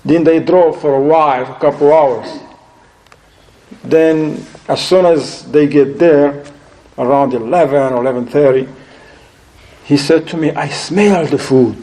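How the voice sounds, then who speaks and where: Animated, mellow-voiced male lecturer. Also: a little high, a little slow, pauses often, low-quality recording. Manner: animated, acts out quoted voices, laughs often; sprinkles Arabic religious phrases into his talk. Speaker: Islamic lecturer. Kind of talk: storytelling lecture to an audience.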